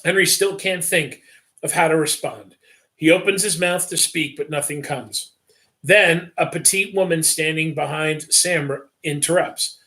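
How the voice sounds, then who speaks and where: Bright-voiced man reading a story. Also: a little high, a little slow. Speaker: story reader. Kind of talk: first-person story narration on a livestream.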